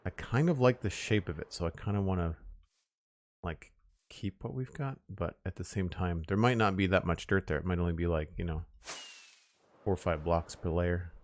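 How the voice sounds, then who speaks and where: Deep-voiced man chatting on stream. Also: moderate pace. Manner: relaxed, chatty, talks to chat while building. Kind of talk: casual live-stream chat while playing.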